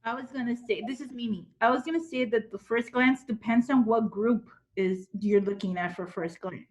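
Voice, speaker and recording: A woman's voice: fairly high pitch, moderate pace, darkish tone, low-quality recording. Thoughtful Mexican-born woman sharing. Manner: thoughtful, quoting others' remarks. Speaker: workshop participant. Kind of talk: casual sharing.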